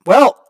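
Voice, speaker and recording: A man hosting a gaming channel, casually commenting to viewers as he opens rewards, prone to excited outbursts. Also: sits low, no room sound. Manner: excitable, talks to viewers while opening rewards.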